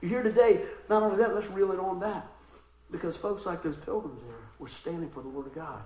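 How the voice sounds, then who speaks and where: A man preaching a sermon, telling stories in a conversational way and breaking into loud bursts of emphasis. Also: high voice, fairly quick, reverberant, a little hiss or hum, rough recording. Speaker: pastor.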